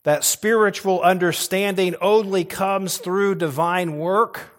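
Slow and fairly even in intonation, a man with a high voice delivers an earnest sermon as a pastor. He presses firmly on key words and occasionally circles back to restart or repeat a phrase.

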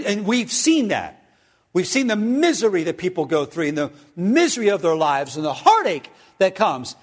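A man's voice: high-pitched, in a large hall. A man preaching a sermon, emphatic, spelling out words and checking in with his listeners.

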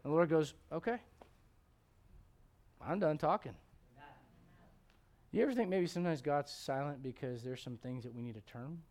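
A middle-aged man preaching a sermon to a congregation, animated and joking with the crowd, quoting God and people in playful voices. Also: mid-range voice, fast, hardly any pauses. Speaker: pastor. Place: church.

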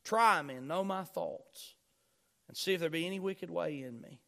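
A pastor preaching a sermon, reading scripture aloud and repeating key phrases with rising emphasis. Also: male voice, a little high, moderate pace, creaky, sharp tone.

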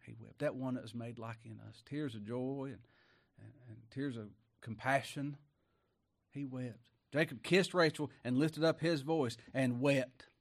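A middle-aged man with a drawl delivers a homespun sermon. His voice sits at an ordinary mid pitch. He swings from ringing declamation to near-hushed asides. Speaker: preacher.

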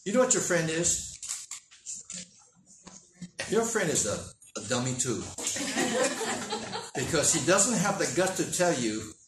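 A man preaching a sermon as a pastor, animated and acting out dialogue in character voices. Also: on the high side, a little slow, pauses often, background noise. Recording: echoey room, mic at a distance.

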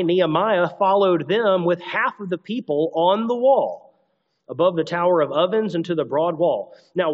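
A man's voice: fairly high pitch, dull audio. A man preaching an expository sermon, reading scripture aloud and adding conversational asides. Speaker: pastor.

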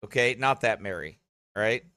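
A man's voice: lowish voice, lively intonation, moderate pace, pushed and bright, smooth, no echo, clean studio sound. A man hosting a broadcast, rambling casually and often checking in with "okay?" or "right?" and breaking into laughter. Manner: laughs often while talking. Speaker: host.

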